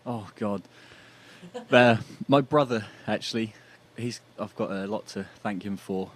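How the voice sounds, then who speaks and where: A young British man talking as a guest musician in a casual podcast chat, easygoing and quick to laugh. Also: on the low side. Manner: chatty, laughs easily.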